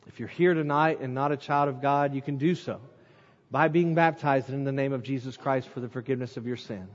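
Emphatic preacher man in an echoing hall. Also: fairly quick. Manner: emphatic, repeats words for stress, drops to a low hush at phrase ends. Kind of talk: sermon. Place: church sanctuary during an evening service. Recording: muffled recording with long hall reverb.

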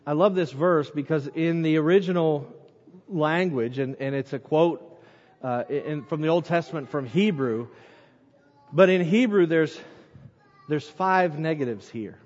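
A man preaching an evening sermon, emphatic, repeating words for stress and dropping to a low hush at the ends of phrases. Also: a little slow. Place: church sanctuary during an evening service. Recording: muffled recording with long hall reverb.

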